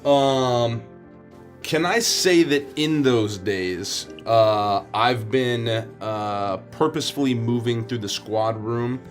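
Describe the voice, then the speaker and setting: A man's voice: mid-range voice, slow pace, soft background music. A man playing a tabletop game, chatty and hesitant, playful. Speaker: player. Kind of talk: casual tabletop play.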